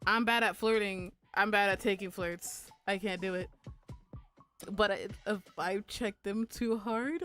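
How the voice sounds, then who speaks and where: A woman's voice: medium pitch, steady tone, measured pace, a bit bright, faint music behind. A young adult woman streaming while she draws, chatting casually and crudely with viewers. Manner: chatty and crude, with frequent laughs and squeals. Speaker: VTuber streamer and artist. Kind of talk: casual live-stream chat while drawing.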